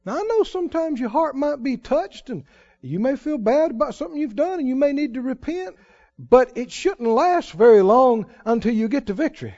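A man preaching a sermon in an animated style, mimicking wailing prayers to make his point. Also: very high voice, normal speed. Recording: muffled lo-fi sermon recording.

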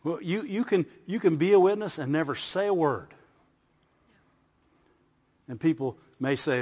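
A man preaching to his congregation in a relaxed, conversational way, pausing to ask for an "amen". His voice sits a touch high for a man. The recording sounds muffled and carries a long reverb from a large hall. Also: slightly rough. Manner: conversational preaching with call-and-response asides. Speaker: pastor. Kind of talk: sermon. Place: church service.

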